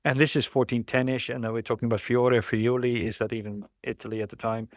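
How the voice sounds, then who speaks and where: Man, mid-pitched voice, guest expert, rambling explanation, restarts, dry close recording. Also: flat delivery, fast talker, no room sound. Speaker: guest, historical riding expert. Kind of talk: conversational explanation.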